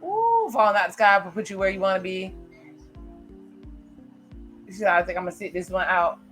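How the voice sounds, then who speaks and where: A woman's voice: medium pitch, lively intonation, moderate pace, fairly bright tone, faint music behind. A woman giving chatty, casual reaction commentary on a TV episode as she watches it. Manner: chatty, reacts aloud while narrating scenes. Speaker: reaction video host.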